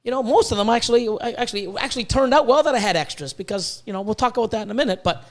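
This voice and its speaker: A man hosts a casual podcast with a noticeably high-pitched voice. He rants in a rambling way, swears freely and trips over repeated words as he gets heated. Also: very fast, hardly any pauses. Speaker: podcast host, reptile breeder.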